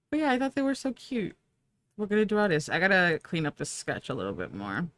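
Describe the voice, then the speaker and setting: A woman's voice: lowish voice, very animated, fairly quick, sharp tone. A young woman streaming live, chatting casually with viewers while she draws, sleepy and yawning. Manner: chatty, bubbly, talks to chat and herself.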